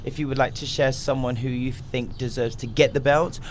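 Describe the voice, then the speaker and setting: A man hosting a podcast, talking at an easy, relaxed pace. His voice sits in a middle pitch. He chats loosely and wraps up the show with reminders. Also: moderate pace, slight background noise. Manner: relaxed, easygoing, signs off the show with plugs. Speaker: podcast host. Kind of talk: casual podcast chat.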